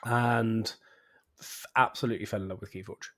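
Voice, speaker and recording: A man's voice: lowish voice, fairly even intonation, moderate pace, a bit bright. A man hosting a casual podcast chat, talking eagerly and often repeating himself. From England. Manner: chatty, eager, repeats words. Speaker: podcast host.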